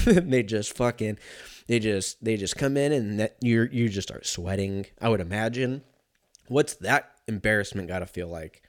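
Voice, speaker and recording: A man's voice: lowish voice, moderate pace. A young man hosting a podcast on his own, talking in a loose, rambling, profane and jokey way. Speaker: podcast host. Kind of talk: casual solo chat.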